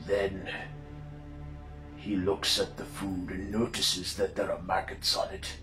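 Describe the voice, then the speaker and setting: A man tells a mystery story in a plain, unhurried manner, his low voice moving very slowly. Faint music plays under his narration. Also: flat delivery, pushed and bright, reverberant.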